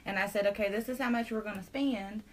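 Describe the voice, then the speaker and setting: A woman's voice: medium pitch, quick pace, slight background noise. A woman co-hosting a live video Q&A, chatty and playful as she chimes in. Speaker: co-host.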